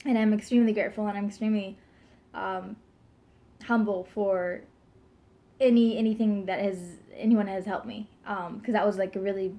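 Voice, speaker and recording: A woman's voice: mid-range voice, steady tone, moderate pace, lo-fi sound. Rambling pregnant woman vlogger. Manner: rambling, filler-heavy, giggly. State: pregnant, burping now and then. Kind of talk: casual chat to camera.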